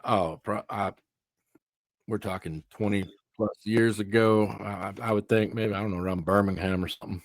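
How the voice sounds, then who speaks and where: A man's voice: fairly low pitch, fairly even intonation, normal speed, dry recording. Easygoing Texan man telling stories. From Texas. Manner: easygoing storyteller, chatty asides. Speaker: guest, veteran and author. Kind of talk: casual conversational interview.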